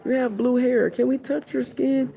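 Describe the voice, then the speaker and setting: A man putting on a high fawning voice to play a crowd of admirers gushing over a tall youth. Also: fairly even intonation, moderate pace, creaky, warm tone, rough recording.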